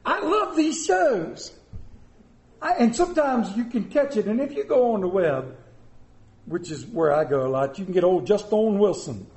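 High-voiced pastor in echoey church. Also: male voice, sing-song, a little fast, warm tone. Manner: folksy, joking storyteller. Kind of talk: sermon. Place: church sanctuary. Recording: roomy church echo.

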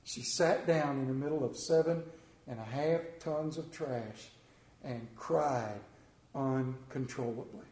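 A man's voice: mid-range voice, takes it slowly, a little mellow, echoey room. A man preaching a sermon in a church, telling a folksy story and asking the congregation questions. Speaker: pastor. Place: church sanctuary.

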